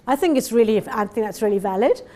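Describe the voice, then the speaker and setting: A woman's voice: on the high side, lively intonation, fast, mellow, slight background noise. Chatty New woman presenter. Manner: chatty, anecdotal, acts out dialogues. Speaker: seminar presenter. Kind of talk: conversational teaching talk. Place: seminar room.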